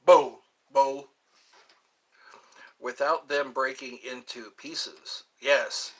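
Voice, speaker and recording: A man hosts a live stream in a steady, medium-pitched voice, speaking very slowly. His casual chat with viewers is rambling and playful, and he mentions he's a little tired.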